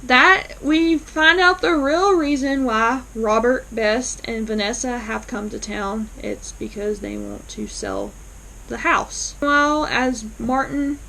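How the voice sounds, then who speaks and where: A woman's voice: a little high, slow, vocal fry, pushed and bright, a little hiss or hum, low-quality recording. A woman vlogger casually recapping a TV episode, retelling scenes in a chatty way with fillers.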